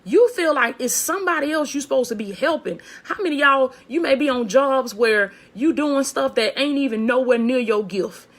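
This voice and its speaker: A woman's voice: high voice, expressive, normal speed, few pauses. A woman preaching a motivational sermon on a phone video, fervent, repeating phrases and calling out to her listeners.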